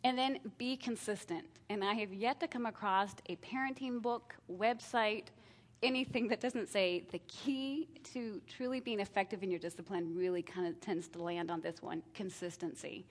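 A middle-aged woman talking casually about parenting and discipline, acting out exchanges with her kids in lively voices and laughing at herself. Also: medium pitch, normal speed. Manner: animated, acts out family exchanges with self-deprecating laughs. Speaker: parenting speaker.

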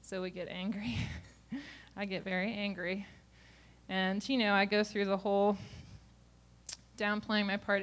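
A woman's voice: medium pitch, fairly even intonation, measured pace, fairly bright tone. A woman speaking to a group of parents in a live class, candid and self-mocking and often laughing.

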